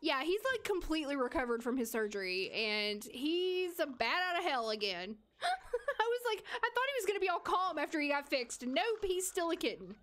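With a sing-song lilt, this young woman streams a game at a moderate pace, her voice high and fairly bright. She's chatty and laughs often, talking casually to her viewers and to the characters on screen.

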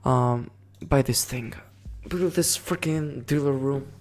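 A man's voice: mid-range voice, slow, a little mellow, faint music behind. A man giving casual game commentary, rambling along with frequent giggles and swearing. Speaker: gaming video creator.

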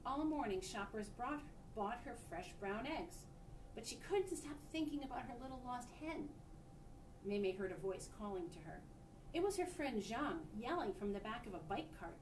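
Lively woman reader for a children's storybook; expressive, slightly distant and roomy, faint rumble. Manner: expressive, pauses to show pictures. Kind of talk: reading a picture book aloud to children. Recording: echoey room, distant mic, faint rumble.

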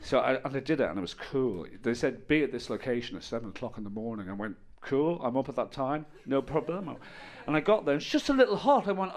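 A middle-aged man doing a stand-up set on stage, telling stories deadpan with bursts of loud exasperation. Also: medium pitch, fast talker, few pauses. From Ireland. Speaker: stand-up comedian. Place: comedy stage with audience.

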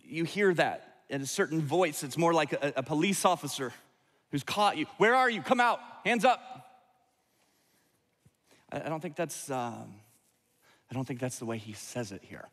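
A man's voice: fairly high pitch, normal speed, big-room sound. A man preaching a sermon as pastor, earnest and repeating words as he restarts phrases. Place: large church sanctuary.

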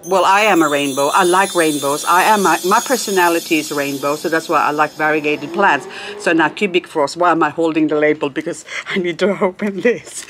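Gushing, excitable woman showing off plants. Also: low-pitched, a little fast, few pauses, a little hiss or hum. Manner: gushing, excitable, chatty, laughs often. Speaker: succulent channel host. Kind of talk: casual plant haul vlog.

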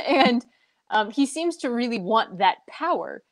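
A woman's voice: fairly high pitch, very animated, unhurried, no room sound. A woman hosting a casual book discussion, chatty and laughing often between her points.

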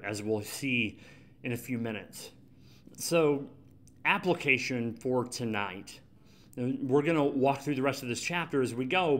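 A man preaching a sermon as pastor in a church, conversational and emphatic, repeating his key points. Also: mid-range voice. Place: church sanctuary.

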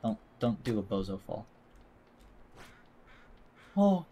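A man's voice: medium pitch, moderate pace, slight background noise. A man streaming a video game, chatting casually to himself and his viewers in a jokey way. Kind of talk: casual gameplay commentary.

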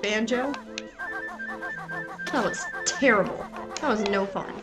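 A young adult woman giving chatty, excitable gameplay commentary and talking back to the game characters. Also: mid-range voice, slow pace, long pauses, poor audio. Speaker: let's play gamer. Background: game music.

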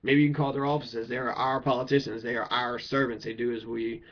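A man's voice: mid-range voice, little pitch movement, brisk. Heated man ranting, lo-fi. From Kentucky. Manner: blunt, heated, swearing, rhetorical questions. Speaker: political speaker. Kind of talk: profane political rant. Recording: dull lo-fi recording.

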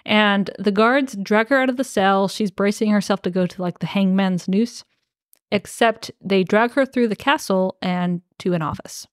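A woman's voice: medium pitch, moderate pace, no echo, studio quality. A woman co-hosting a book podcast in casual chat, laughing often and swearing freely. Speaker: podcast co-host.

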